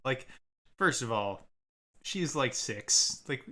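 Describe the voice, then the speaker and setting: Guy cohosting a show recap, bright voice, laughs a lot, lots of uh and like. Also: mid-range voice, expressive, slow pace. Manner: laughs often, hesitant with many fillers. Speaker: podcast co-host. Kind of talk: casual chat recapping a TV episode.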